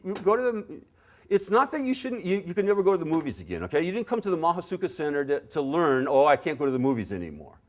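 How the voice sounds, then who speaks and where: A man teaching a dharma talk to a live audience at a meditation center, animated and acting out little quoted scenes. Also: sits high. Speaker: spiritual teacher.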